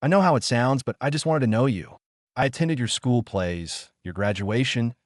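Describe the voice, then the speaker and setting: A man's voice: mid-range voice, expressive, normal speed, dry recording, clean studio sound, natural voice. Man reading as a pleading secret father. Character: secretive middle-aged biological father.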